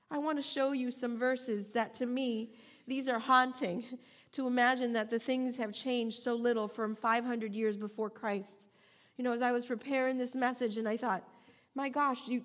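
A woman preaches a sermon in a high, ringing voice. She is emphatic and keeps hammering her points through repetition. Playful asides lighten her delivery. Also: moderate pace, fairly bright tone. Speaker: pastor.

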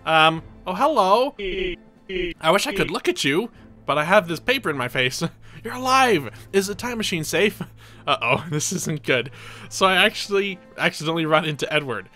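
A man giving excitable let's play commentary, reading game dialogue aloud and yelping when things go wrong. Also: on the high side, moderate pace, soft background music. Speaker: gaming video creator.

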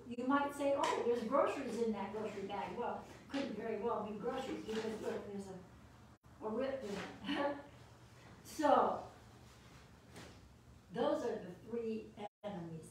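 A woman giving a playful lesson for children with her dogs, animated and full of praise, laughing often. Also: a little high, measured pace, background noise. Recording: very echoey room, distant mic.

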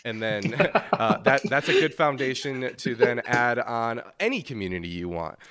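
A man's voice: mid-range voice, expressive, moderate pace, over a noisy crowd. A man hosting a gaming podcast, talking in a loose, rambling way with lots of fillers and restarts, and swearing casually. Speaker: podcast host.

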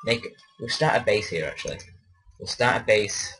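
A man's voice: lowish voice, animated, normal speed, fairly bright tone. A man giving rambling, self-conscious commentary while playing a game, often losing his train of thought. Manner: rambling, mumbling, unsure of himself. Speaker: let's play host.

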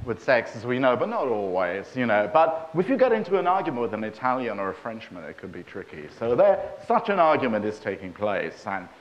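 A man telling jokes on stage in a droll, animated manner. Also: medium pitch, a little fast, few pauses. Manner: droll, animated joke delivery. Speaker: guest storyteller. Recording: dull lo-fi stage recording.

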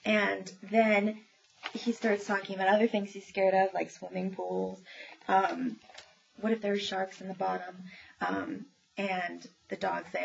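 Her mid-range voice is gravelly and a little slow, with little pitch movement, as she chats about new children's books. She recounts each story enthusiastically with plenty of ums, and the lo-fi recording sounds dull with some faint noise.

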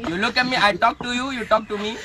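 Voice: medium pitch, fast, over a noisy crowd. A speaker playing a bossy, exasperated language teacher in a comedy skit, laughing often. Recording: loud background noise.

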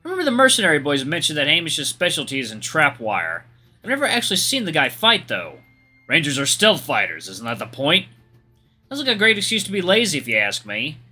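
A man's voice: on the high side, wildly swooping pitch, fairly quick, sharp tone, breathy edge, soft background music, heavily acted. A man voicing a sarcastic, sulky young male hyena son. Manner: sarcastic, whiny.

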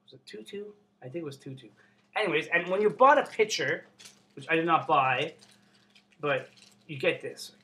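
A young man from Canada vlogging casually, excitable and swearing constantly. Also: fairly high pitch, moderate pace, long pauses. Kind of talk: casual unboxing vlog.

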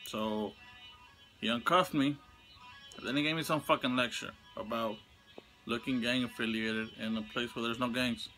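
A young man telling a storytime vlog, venting in a heated, profane way with sudden high outbursts. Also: fairly even intonation, moderate pace, long pauses, sharp tone, faint music behind. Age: young adult. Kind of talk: casual storytime rant.

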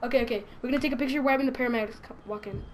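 A young woman giving excitable, crude, giggly let's play commentary as a gaming YouTuber. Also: fairly high pitch, racing, a little hiss or hum.

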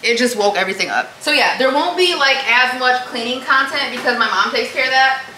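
A woman's voice: high-pitched, brisk, bright, forceful tone, slight background noise. A young woman vlogging while she cooks in her home kitchen, chatting to herself and her viewers. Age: young adult. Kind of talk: casual vlog chatter while cooking. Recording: echoey kitchen with clattering dishes. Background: cutlery and dish clatter.

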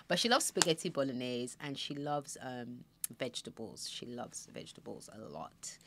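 A woman's voice: rumbling low, normal speed, hardly any pauses, slight background noise. A woman hosting a podcast, chatting casually and acting out little quoted scenes. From Nigeria. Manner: chatty, animated storytelling with acted-out quotes. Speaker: podcast host. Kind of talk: casual chat.

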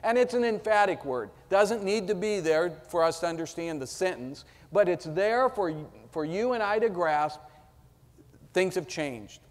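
A man's voice: sits high, lively intonation. A man delivering a Sunday sermon in a church sanctuary, his slightly raised voice carrying through long reverb. He takes his time and weighs each phrase. He presses his points with questions thrown out to the congregation. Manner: slow, emphatic preaching with rhetorical questions. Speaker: pastor.

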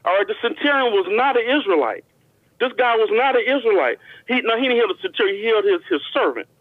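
High-voiced man preaching over a phone line. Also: animated, no echo. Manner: reads scripture slowly with emphasis, frequent stammered restarts. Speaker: guest Bible teacher. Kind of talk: call-in radio show discussion, reading scripture.

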